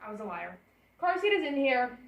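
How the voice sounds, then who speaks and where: Very animated and high-pitched, with vocal fry, this young vlogger talks fairly fast, casually rambling and thinking aloud while unpacking baby gear in her apartment bedroom. The lo-fi recording sounds roomy, the camera a little distant, with a portable AC humming in the background.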